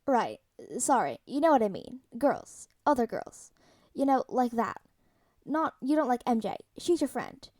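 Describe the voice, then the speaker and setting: A woman's voice: fairly high pitch, a little fast, dark tone, natural voice. A woman reading the lines of a brash, rambling, protective middle-aged man in a story read aloud. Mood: fatherly.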